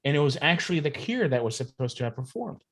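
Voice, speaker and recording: A man's voice: a little high, big pitch swings, quick pace, fairly bright tone. A man chatting as a podcast guest, easygoing and enthusiastic, rambling a little. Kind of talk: casual podcast chat.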